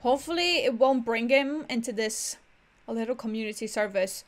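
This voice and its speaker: A woman's voice: on the high side, normal speed. A woman gaming streamer giving casual gameplay commentary, chatty and self-mocking, always saying "literally". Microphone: desk microphone.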